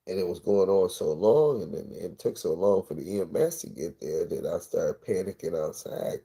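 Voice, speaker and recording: A man livestreaming, telling a personal story in a rambling, profane, intense way with a gravelly voice. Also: low-pitched, moderate pace, few pauses, warm tone. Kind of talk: emotional storytelling monologue.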